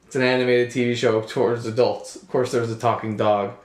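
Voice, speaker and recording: A man's voice: mid-range voice, little pitch movement, fairly quick, echoey room. A young man co-hosting a podcast, telling a story in casual chat, rambling, laughing often and swearing. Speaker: podcast co-host.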